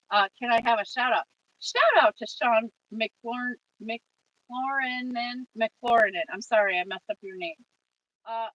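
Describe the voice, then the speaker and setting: A woman hosts a relaxed trucking livestream, reading out viewer comments and answering them in a friendly, chatty way. Her voice sits a bit high. She sounds set back from a dull, lo-fi mic with a dry sound. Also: no room sound, far from the mic. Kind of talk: casual live chat reading viewer comments.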